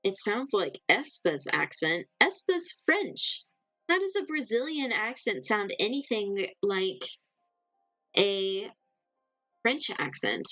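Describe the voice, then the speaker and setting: A woman live streamer chats casually and reacts to her chat with animated, exclaiming swings in pitch. Her words come slow and drawn out. The audio is dry, slightly dull and lo-fi, with faint music underneath.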